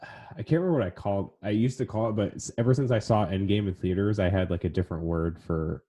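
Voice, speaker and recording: A man in casual podcast chat, talking earnestly and emotionally in relaxed slang. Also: lowish voice, quick pace. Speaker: podcast guest or host.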